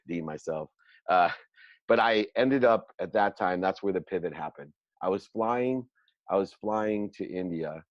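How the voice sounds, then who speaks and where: A middle-aged man, a guest on an interview show, telling his life story in an animated, self-mocking way and acting out the dialogue. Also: low voice, no echo. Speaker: guest entrepreneur. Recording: dull lo-fi dry sound.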